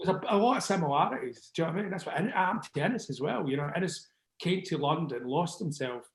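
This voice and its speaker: A man's voice: fairly high pitch, lively intonation, quick pace, echoey room. A Scottish man in his sixties chatting in an interview, rambling and sweary, forever asking "do you know what I mean". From Scotland. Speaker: interviewee, record label founder. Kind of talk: casual interview chat.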